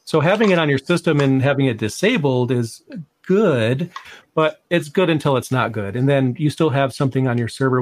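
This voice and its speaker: Man chatting on a tech podcast. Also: medium pitch. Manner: conversational, emphatic, repeats words when starting sentences. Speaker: podcast co-host. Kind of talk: casual tech podcast discussion.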